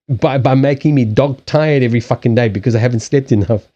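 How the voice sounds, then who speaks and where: On a live stream, a man with a dark, medium-pitched voice chats casually about habits and anxiety, rambling, restarting his sentences often, swearing and laughing. He hosts the stream and reads cards, and the audio sounds dull.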